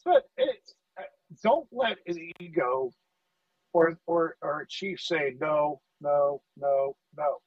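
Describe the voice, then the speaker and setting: A middle-aged man, a fire lieutenant in a casual podcast conversation, telling animated stories and acting out the dialogue. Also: fairly high pitch, no echo, recorded from a distance. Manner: animated storyteller, acts out quoted dialogue, repeats words. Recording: dull dry audio, off-mic.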